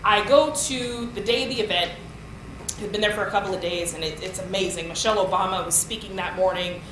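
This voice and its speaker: Woman, 30s, lively storyteller at a lecture, echoey hall, audible room noise. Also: medium pitch, fast talker. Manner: animated storyteller, acts out quotes, laughs often. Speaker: poet giving a lecture. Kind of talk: storytelling talk.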